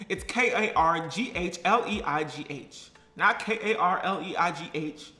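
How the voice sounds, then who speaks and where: A man's voice: a little high, moderate pace, sharp tone. A man playing a tired, chatty young woman baker on a live stream, giggling and reading viewer comments aloud. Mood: perky. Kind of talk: character live stream comedy. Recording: roomy echo, faint music.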